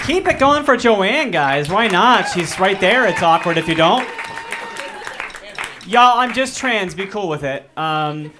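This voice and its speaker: A woman's voice: medium pitch, lively intonation, unhurried, crowd noise, background noise. A woman doing a stand-up comedy set on a club stage, wry and conversational, into a handheld mic.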